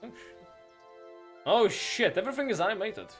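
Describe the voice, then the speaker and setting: A man's voice: high voice, very animated, moderate pace, fairly bright tone, soft background music. A man with a noticeable foreign accent and a hard R, rambling and self-mocking as he plays a game and reads its text aloud. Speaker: gamer. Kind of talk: casual let's-play chat and reading game text aloud.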